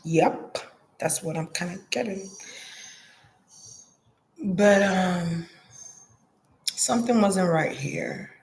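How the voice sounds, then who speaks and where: A woman's voice: lowish voice, extremely slow, vocal fry, pauses often, darkish tone. A woman giving a psychic reading in a hesitant, murmuring way, repeating words and trailing off. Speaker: psychic reader. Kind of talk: intuitive reading monologue.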